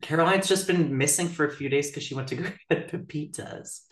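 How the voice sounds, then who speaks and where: A woman's voice: sits low, brisk. A woman co-hosting a podcast, chatting casually about a TV episode with lots of "like" fillers. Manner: chatty, frequent "like" fillers, giggly. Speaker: podcast co-host. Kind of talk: casual chat recapping a TV episode. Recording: roomy echo.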